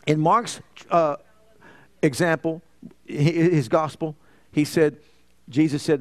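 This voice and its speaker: Fervent high-voiced male preacher. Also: unhurried, long pauses. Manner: rising to fervent emphatic declarations, dropping to soft hushed lines. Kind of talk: sermon.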